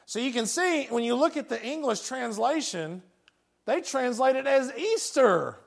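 A man's voice: very high-pitched, expressive, unhurried, creaky. A man with a West Tennessee accent preaching a sermon in a folksy, joking way, laughing often.

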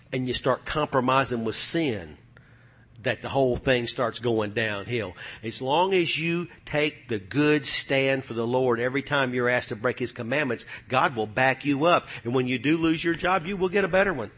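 A man's voice: medium pitch, unhurried, a bit bright. A man preaching a sermon as pastor before a live congregation. He speaks emphatically, rallying the room with repeated calls and rhetorical questions.

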